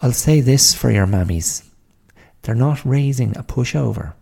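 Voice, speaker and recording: A man voicing a sharp-tongued, sarcastic elderly woman with an Irish accent. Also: medium pitch, animated, unhurried, vocal fry, breathy edge, pitched above the performer's own voice, exaggerated voice. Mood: sardonic. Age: older. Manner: dry, sarcastic.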